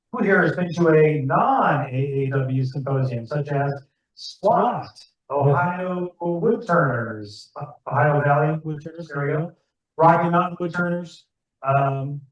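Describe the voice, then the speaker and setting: A man giving a rambling, chatty talk to a club audience, asking the room questions as he goes. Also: a little high. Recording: far-off, echoey, muffled room recording.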